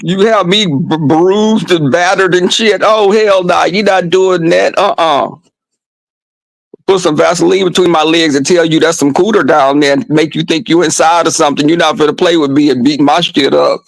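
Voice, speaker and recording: Brash gravelly man telling crude stories. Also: a little high, steady tone, moderate pace, dry recording, low-quality recording. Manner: flamboyant, brash, swearing freely. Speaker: vlogger. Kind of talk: crude comedic storytelling to viewers.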